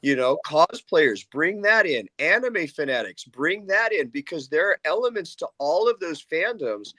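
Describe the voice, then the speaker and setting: A man hosting a podcast, telling animated stories in casual chat and laughing often. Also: on the high side, normal speed, no echo.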